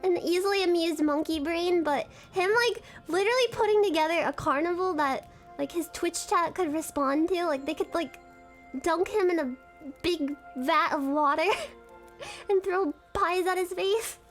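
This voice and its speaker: Young woman streamer, very high, giggly, rambling casual chat. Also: moderate pace, soft background music. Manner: giggly, rambling, self-conscious fangirling.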